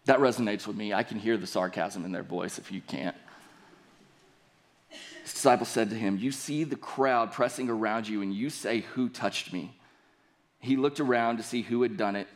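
A man's voice: on the low side, moderate pace. A young man preaching a sermon, reading scripture aloud and building earnestly to emphatic points. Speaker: pastor.

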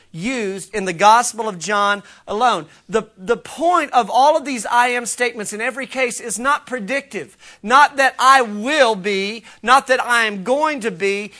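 A man's voice: extremely high pitch, normal speed, few pauses, sharp tone. A man preaching a sermon as pastor, earnest and emphatic, with conversational asides to the congregation. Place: church.

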